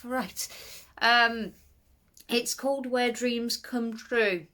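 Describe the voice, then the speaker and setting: Animated woman reviewing horror books. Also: slow. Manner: animated, rambling, with nervous laughter and sudden high exclamations. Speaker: book reviewer. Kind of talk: casual video book review.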